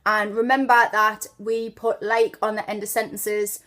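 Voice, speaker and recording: A woman with a Geordie accent from northeast England, chatting casually through an accent tutorial as a mother of two, sing-songy and quick to laugh. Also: medium pitch, level tone, a bit bright.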